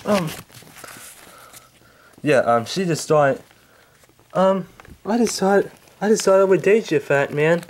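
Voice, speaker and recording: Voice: mid-range voice, lively intonation, slight background noise, pitched above the performer's own voice. Someone doing a hesitant bearded fake lady. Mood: awkward. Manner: hesitant, halting, full of ums. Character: bearded man posing as a lady, nervous.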